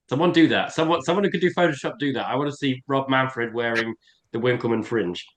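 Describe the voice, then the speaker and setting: A man co-hosting a casual podcast, animated and quick to laugh in the banter. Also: mid-range voice, a little hiss or hum. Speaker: podcast co-host.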